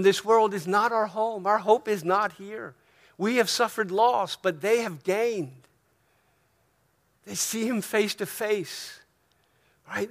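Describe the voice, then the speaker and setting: A man with an American accent preaching a sermon as pastor, talking in a conversational way, often checking in with "right?" and rising to emphatic peaks. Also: high voice. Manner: swings from soft asides to emphatic rises.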